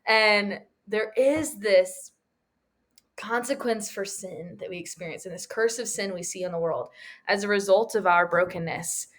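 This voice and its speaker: A woman's voice: medium pitch, measured pace, a bit bright. A woman leads a Bible study in a conversational, storytelling way. She acts out the people she quotes and laughs along as she goes.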